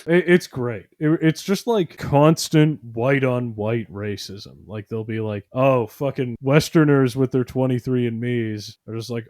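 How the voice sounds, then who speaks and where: A man's voice: mid-range voice, unhurried, a little mellow, no echo, clean studio sound. A man co-hosting a podcast, rambling in casual chat with lots of fillers and sarcastic mock voices. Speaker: podcast co-host.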